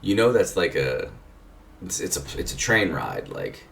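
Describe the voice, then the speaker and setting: A man's voice: deep voice, wildly swooping pitch, unhurried, creaky, fairly bright tone, heavily acted. A man quoting a friendly young bartender. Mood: helpful. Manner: helpful, explaining. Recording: distant mic with faint noise.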